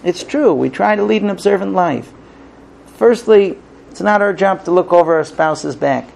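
A man with vocal fry, speaking at normal speed, leads a Torah class for a live audience. He's an animated storyteller who acts out characters with big jumps in pitch.

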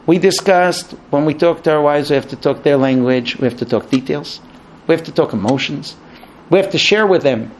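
A man giving a lecture, animated, acting out quoted exchanges in raised voices. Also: on the high side, brisk, a little hiss or hum. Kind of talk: spoken lecture to an audience.

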